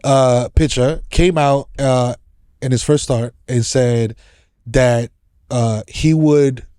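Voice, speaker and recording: A man's voice: mid-range voice, fairly even intonation, takes it slowly, mellow, clear, resonant tone, dry recording. A man hosting a podcast, talking casual and profane, laughing a lot and mimicking other people's voices. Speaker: podcast host.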